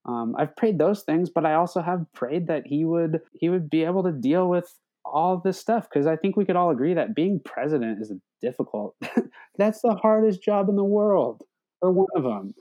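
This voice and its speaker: A man's voice: fairly high pitch, warm tone, highs cut off. A young adult man speaking as a podcast guest, reflective and hesitant, often restarting and repeating words. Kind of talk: reflective conversational talk.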